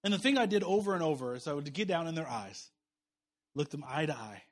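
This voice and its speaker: This thirty-something preacher alternates booming, emphatic statements with soft, quiet stretches of narrative. He talks a little quickly, with a somewhat high voice and lively intonation.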